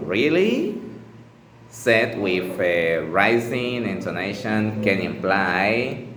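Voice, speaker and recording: Man teaching English, very slow and deliberate delivery, deep low voice, echoey room, faint background hum. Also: a bit bright. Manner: deliberate, pausing, with fillers and restarts. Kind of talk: slow instructional explanation.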